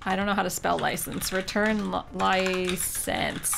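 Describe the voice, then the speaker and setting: A woman's voice: mid-range voice, steady tone, unhurried, gravelly, few pauses, over music. A woman streamer playing an old adventure game, reading its text aloud with playful jokes. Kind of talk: casual game livestream commentary.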